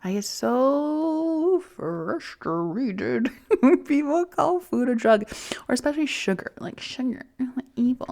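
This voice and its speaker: A woman in her forties hosting a reflective self-help podcast, talking softly and often in a whisper, soothing herself. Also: high voice, expressive, slow pace, creaky. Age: 40s. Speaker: podcast host.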